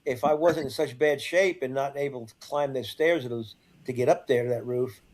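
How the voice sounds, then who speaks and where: Older man telling his story haltingly. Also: mid-range voice, a little mellow. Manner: halting, repeats and restarts words. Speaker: guest. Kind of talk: first-person storytelling in an interview.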